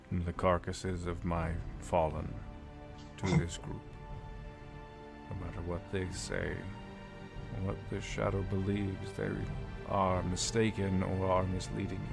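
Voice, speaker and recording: A man voicing a calm, grave female dryad elder who is also a mother, speaking slowly and formally. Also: low-pitched, gravelly, heavily acted. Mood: solemn. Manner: slow, measured, formal speech.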